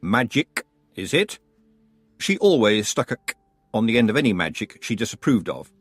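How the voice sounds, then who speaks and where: Expressive male audiobook narrator, husky. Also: lowish voice, no echo. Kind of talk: scripted narration.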